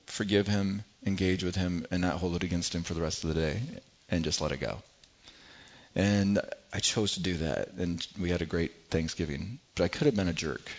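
A middle-aged male pastor delivers a sermon in an earnest, conversational way, often doubling words as he works toward a point. His voice sits on the low side. The recording is dull and lo-fi. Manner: earnest, repeats words when building a point.

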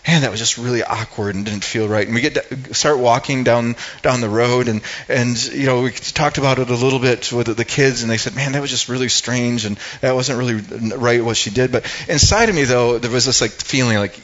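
A man's voice: mid-range voice, fairly even intonation, brisk, hardly any pauses, a bit bright, lo-fi sound. Older man telling a rambling sermon story. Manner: rambling and conversational, with many restarts and asides. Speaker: speaker giving a devotional talk.

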